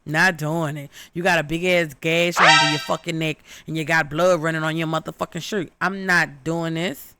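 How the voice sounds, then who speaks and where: A young woman recapping a horror movie in loud, brash, profane comedic storytelling. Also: sits low, fairly even intonation, moderate pace, few pauses, faint music behind.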